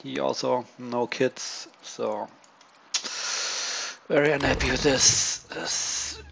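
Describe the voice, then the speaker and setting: A man giving casual, low-key commentary on his turn in a strategy game, thinking aloud with many pauses and ums. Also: fairly even intonation, gravelly. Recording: dull lo-fi mic with faint hiss.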